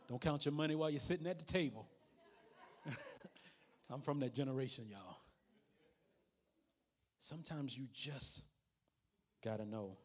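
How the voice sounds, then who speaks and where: A man's voice: mid-range voice, animated, normal speed, long pauses, a little mellow, slightly rough. A male pastor preaching a sermon in a folksy, conversational way, with asides to the congregation.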